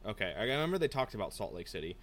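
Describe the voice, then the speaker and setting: A man co-hosting a casual book podcast, rambling and animated, slipping into quick impressions of characters. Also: fairly low pitch. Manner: rambling, animated, mimics characters mid-story. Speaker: podcast co-host.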